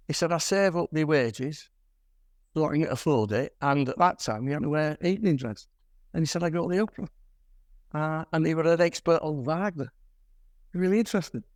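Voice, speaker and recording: A man's voice: on the high side, no echo. Older man telling wry stories. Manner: chatty storyteller with dry wry humour. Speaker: guest presenter at a camera club. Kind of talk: slide talk with anecdotes. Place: club meeting room.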